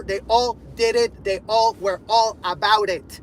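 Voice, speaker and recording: A man ranting to camera in fury, swearing heavily, repeating his points and bursting into shouts. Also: high-pitched, fairly even intonation, a little slow, slight background noise, low-quality recording. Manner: furious, profane, repeating himself, bursts of shouting. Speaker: video creator. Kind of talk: angry rant to camera.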